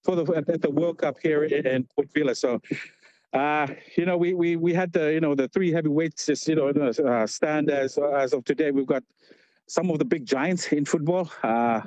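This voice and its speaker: A chatty male correspondent phones in a casual live report, laughing often as he tells his stories. His voice sits a little high. The sound is close and dry. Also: moderate pace, a little mellow, no echo, rough recording. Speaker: correspondent on a radio show. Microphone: phone call.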